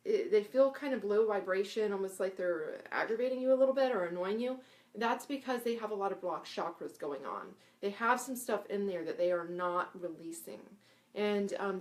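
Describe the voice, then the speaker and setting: A woman teaching spiritual breathing exercises in a casual live lesson. She talks in a loose, chatty way and keeps checking in with 'right?' and 'okay?'. She demonstrates breathy sounds and chants along the way. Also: medium pitch, darkish tone. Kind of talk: casual live instructional talk.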